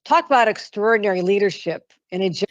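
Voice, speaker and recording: A woman's voice: medium pitch, expressive, fast. A woman giving a formal public speech as a governor, speaking in an upbeat, praising way.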